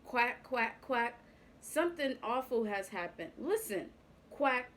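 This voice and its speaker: A woman voicing a worried female farm cow in a children's storybook, talking in an anxious, hurried way. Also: on the high side, very animated, a bit bright, a little hiss or hum, exaggerated voice.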